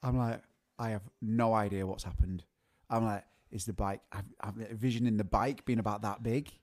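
A man's voice: fairly low pitch, steady tone, moderate pace, darkish tone. Giggly man telling a story. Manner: giggly, laughs through his story; rambling, repeats words as he restarts. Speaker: musician co-host of a live show. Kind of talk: casual storytelling chat.

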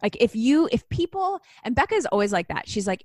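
A woman in her thirties, a podcast co-host, telling stories in a casual, animated chat, swearing freely and acting out what others said. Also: a little high, fairly quick, no echo. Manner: chatty, swearing, animated storytelling with quoted voices.

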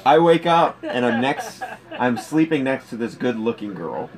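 A man's voice: mid-range voice, unhurried, a crowd in the background. A man telling crude stories in casual comedic chat as a podcast co-host, laughing as he talks. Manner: crude, animated, laughs through his stories.

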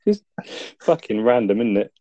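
A man's voice: on the low side, big pitch swings, normal speed, dark tone, dry recording, dull audio. A man co-hosting a film review podcast, retelling the plot in a laid-back, sweary way. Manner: laid-back storytelling with frequent swearing and laughs. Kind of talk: casual chat.

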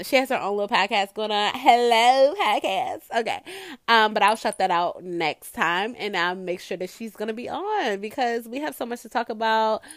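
A woman's voice: mid-range voice, fairly bright tone, no room sound, clean studio sound. A woman hosting her own podcast, chatting casually and swearing freely as she talks straight to her listeners. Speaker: podcast host. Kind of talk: casual solo podcast chat.

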